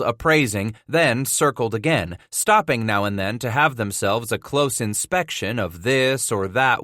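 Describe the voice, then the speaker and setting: A man narrating a western audiobook in a steady, measured storytelling voice. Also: on the low side, dry recording, studio quality. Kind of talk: scripted narration.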